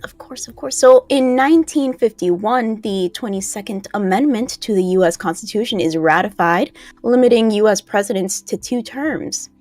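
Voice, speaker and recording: Her medium-pitched, slightly mellow voice flows at normal speed with hardly any pauses, over soft background music. Co-hosting a casual livestream, she reads horoscope and history segments playfully. Born in New Jersey and raised in Florida, she sounds mostly neutral American, a little Southern at times.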